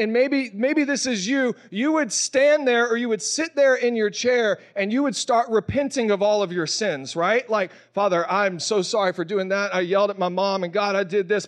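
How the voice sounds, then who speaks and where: A young pastor from Mississippi speaks with a fairly high voice. He preaches in a relaxed, conversational way, folding prayer into personal testimony. He is openly emotional and acts out the voices of the people in his stories. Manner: casual, storytelling, emotional, acts out quoted voices.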